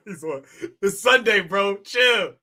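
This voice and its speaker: A man's voice: on the high side, normal speed, a bit bright. A man from Queens, hosting a casual podcast chat, teasing his co-host and laughing often. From New York (Queens).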